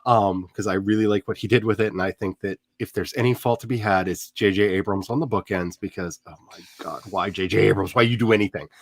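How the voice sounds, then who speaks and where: Chatty animated man. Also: on the low side, fast talker, hardly any pauses, no echo. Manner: animated, rambling with many fillers. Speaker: host. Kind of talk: casual chat.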